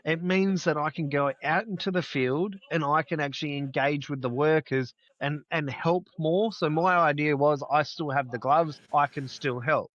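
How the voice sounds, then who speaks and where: Man, middle-aged, podcast guest, sweary and blunt, slightly high voice, dull dry sound. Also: moderate pace, hardly any pauses, fairly bright tone, dry recording. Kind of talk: casual podcast chat.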